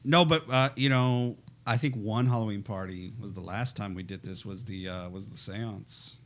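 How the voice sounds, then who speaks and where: A man co-hosting a horror movie podcast in casual chat, rambling and animated, slipping into silly voices now and then. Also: on the low side, normal speed. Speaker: podcast co-host.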